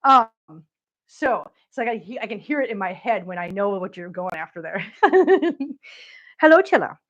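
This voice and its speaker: A woman's voice: medium pitch, normal speed, fairly bright tone. A woman hosting a casual livestream, chatting with viewers and cooing baby talk at her cats. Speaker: channel host. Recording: dull lo-fi sound.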